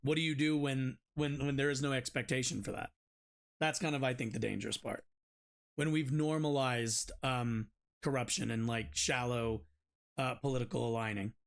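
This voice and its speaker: A man's voice: mid-range voice, fairly even intonation, normal speed, gravelly. A man hosting a live-streamed political debate in casual commentary, rambling with many restarts and fillers.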